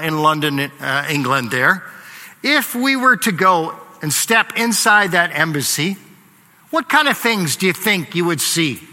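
A man's voice: a little high, bright, forceful tone. A man preaching a casual, conversational sermon to his congregation, with frequent fillers and asides. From Canada. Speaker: pastor. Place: church hall. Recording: long hall reverb.

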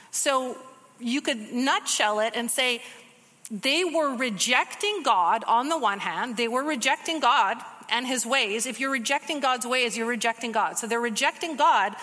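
Bright-voiced woman teaching scripture. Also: a little high, big-room sound. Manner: conversational, animated, quick asides. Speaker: Bible teacher. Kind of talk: casual sermon.

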